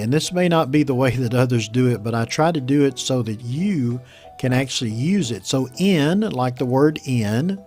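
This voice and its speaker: A man teaching English vocabulary and pronunciation, explaining slowly and patiently and repeating each model word. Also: mid-range voice, a little mellow. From United States. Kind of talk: teaching vocabulary from a news story.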